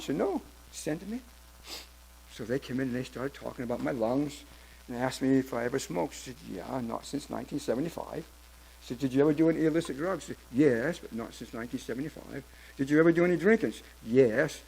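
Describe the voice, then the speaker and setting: A man in his seventies telling his personal testimony at church, in a halting storytelling way with many restarts. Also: medium pitch, gravelly, poor audio. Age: 70s. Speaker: church member giving testimony.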